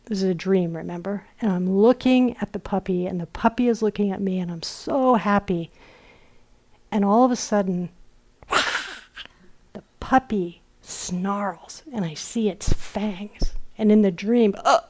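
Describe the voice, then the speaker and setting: A middle-aged woman giving a dharma talk in a retreat hall, speaking very slowly and unhurriedly. Her pitch sits in an ordinary middle range. She tells stories gently and sometimes slips into soft, whispered asides. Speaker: meditation teacher. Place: retreat center meditation hall.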